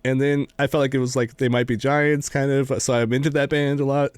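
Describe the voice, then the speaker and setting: A relaxed man co-hosts a casual podcast conversation and keeps his questions wry. His voice sounds dry and close to the mic. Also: medium pitch, fairly quick, smooth, no echo. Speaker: podcast co-host. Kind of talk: casual chat.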